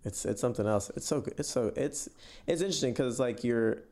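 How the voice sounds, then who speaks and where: A man's voice: mid-range voice, quick pace, darkish tone. A man co-hosting a podcast, easygoing and reflective, swearing casually. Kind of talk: casual chat.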